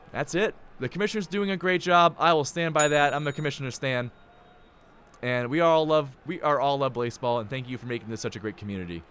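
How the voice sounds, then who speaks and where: A man hosting a live sports stream, signing off with excitable, hype-filled chatter and big swings in pitch. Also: clean tone. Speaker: play-by-play host.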